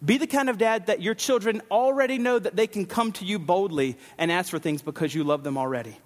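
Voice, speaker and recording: A man preaching a sermon as pastor, animated, acting out the lines of the people in his text. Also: high-pitched, brisk, in a large hall. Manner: animated, acts out Bible figures' lines.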